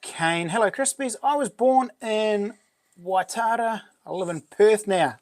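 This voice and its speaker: Hosting a livestream, a man with a New Zealand accent greets his chat as "mate" and "buddy" in a casual, upbeat way. His voice is high and his delivery a little slow.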